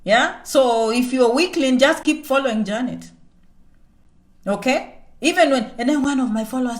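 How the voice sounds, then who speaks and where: A Kenyan woman vlogger with a high, animated voice speaks at a moderate pace in an emphatic motivational live-stream chat. She often refers to herself in the third person, repeats herself, and keeps checking in with "okay?".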